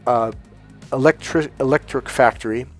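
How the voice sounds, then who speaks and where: A man delivering a coaching monologue on dating, blunt and emphatic, swearing freely as he drives his points home. His pitch sits in an ordinary middle range. Soft music plays faintly behind him. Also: normal speed. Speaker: love coach.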